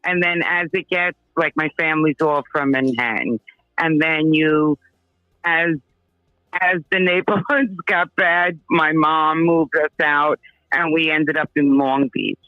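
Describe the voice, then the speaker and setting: A woman's voice: low voice, fairly even intonation, measured pace, no echo. Chatty New York woman on a phone line. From Brooklyn, New York. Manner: laughs often, chatty. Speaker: caller. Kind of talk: casual chat. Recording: tinny phone line, dry.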